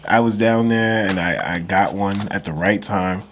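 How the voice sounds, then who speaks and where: A man's voice: on the low side, fairly even intonation, moderate pace, a little hiss or hum. A man co-hosting a casual podcast, talking in a loose, joking way. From Massachusetts, raised partly in the US South. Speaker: podcast co-host. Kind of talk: casual chat.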